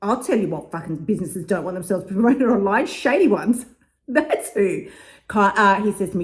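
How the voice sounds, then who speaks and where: Animated, swearing woman telling a story. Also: medium pitch, moderate pace. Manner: animated, swears often, laughs between lines. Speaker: weight loss coach. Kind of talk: casual storytelling monologue.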